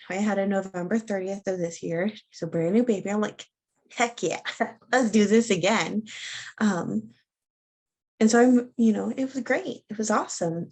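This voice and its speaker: A woman's voice: medium pitch, darkish tone. A young woman from the United States, telling a personal story casually and animatedly, with many ums and likes, acting out the voices of the people she quotes. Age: young adult. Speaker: guest sharing her birth story.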